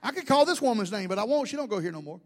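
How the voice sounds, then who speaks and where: A male pastor preaching a sermon, animated and joking, full of restarts and asides. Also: high voice, racing.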